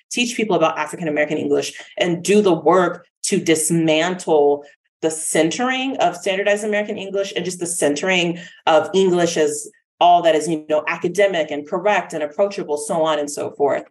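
Earnest woman guest, lower voice. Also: a little mellow. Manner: earnest, persuasive. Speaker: guest speech-language pathologist. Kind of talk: conversational interview.

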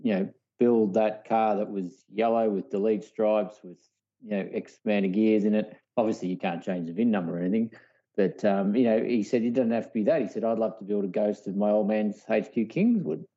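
Low, dark-toned rambling Australian man. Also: brisk, highs cut off. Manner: rambling, full of "you know" and "um". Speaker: co-host. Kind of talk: casual car podcast chat.

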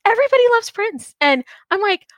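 A woman's voice: very high-pitched, sing-song, a little fast, a bit bright, no echo. A woman hosting a casual podcast interview, gushing and laughing often. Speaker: podcast host.

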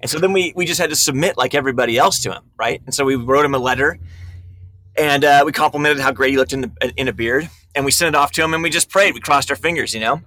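A man with a bright voice pitched a little high talks fast and with force. His voice sounds close and dry, with no room echo, as he tells about casting in an interview. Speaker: film director. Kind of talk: casual interview storytelling.

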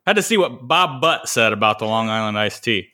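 A man's voice: lowish voice, expressive, fairly quick, pushed and bright. A man with a Northwest Ohio accent co-hosting a casual podcast chat, telling stories and laughing often. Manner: chatty storyteller, laughs often. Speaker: podcast co-host.

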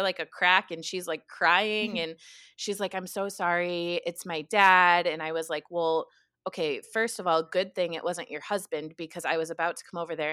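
A woman therapist telling a story in casual chat, animated and full of "like", with some swearing. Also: on the low side, no room sound, clean studio sound. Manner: animated, heavy use of "like", swears.

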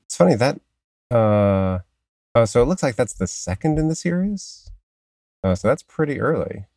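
A man co-hosting a podcast in casual chat, speaking haltingly with many "uh"s and restarts. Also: medium pitch, very animated, a little mellow, no room sound, studio quality. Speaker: podcast co-host.

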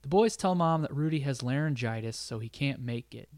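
A man's voice: mid-range voice, expressive, a little mellow, no room sound. A man in casual podcast chat, walking through a movie's plot and laughing often. His voice sits mid-range and sounds close and dry, with no room around it. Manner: recaps the plot, laughs often, quotes lines in quick bits. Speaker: podcast co-host recapping a film.

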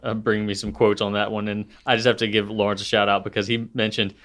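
A man co-hosting a podcast in casual chat, telling stories with animated delivery, often laughing and tripping over his words. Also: lowish voice, fast talker. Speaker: podcast co-host.

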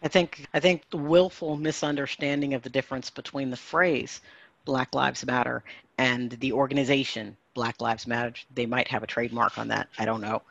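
A man speaking earnestly and in measured phrases in a panel discussion, often restarting his sentences. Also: mid-range voice, flat delivery, gravelly, a bit bright, dry recording. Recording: dull lo-fi audio.

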